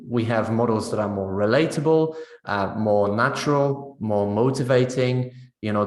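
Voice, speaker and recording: A man giving a teacher-training webinar on pronunciation, talking in a conversational way and often checking in with "right?". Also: fairly low pitch. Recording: roomy echo.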